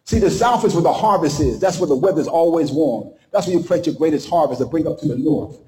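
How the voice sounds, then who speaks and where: A male preacher in full flow, pushing his voice up high and leaning on dramatic pauses. The echo around him sounds like a large room. He delivers the sermon with fervor and plays out little dialogues. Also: a little mellow. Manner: impassioned, preaching with dramatic pauses and acted-out quotes.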